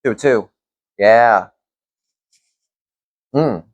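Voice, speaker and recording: A young man reviewing fragrances in a casual vlog, relaxed and rambling with lots of fillers. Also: medium pitch, very slow, dry recording, dull audio.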